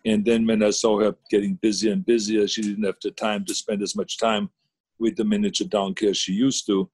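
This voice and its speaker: A man's voice: lowish voice, little pitch movement, a little fast, darkish tone, slightly rough, no echo. A man, chatting casually as a guest on a video call, rambling with many fillers and restarts. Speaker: guest, former governor.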